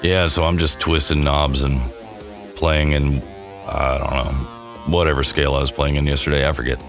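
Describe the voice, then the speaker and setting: A man's voice: rumbling low, little pitch movement, normal speed, over music. A man co-hosting a podcast, chatting casually in a joking, goofy, rambling way. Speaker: podcast co-host. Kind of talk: casual chat.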